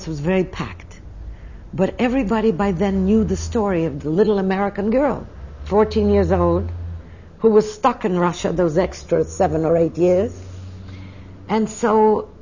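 A woman's voice: medium pitch, dark tone, muffled recording. An older woman tells her life story in an oral history interview, speaking in a reflective and emotional way.

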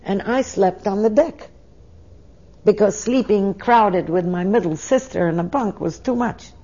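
A woman's voice: mid-range voice, measured pace, dark tone, dull audio. An older woman tells her life story in an oral history interview, speaking in a reflective and emotional way.

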